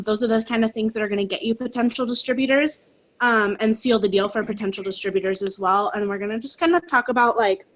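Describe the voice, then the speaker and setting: A woman's voice: fairly high pitch, a little hiss or hum, poor audio. A woman leading a casual team training call, chatty and full of "like" and "um" fillers, speaking over a video call. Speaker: call co-host leading the session.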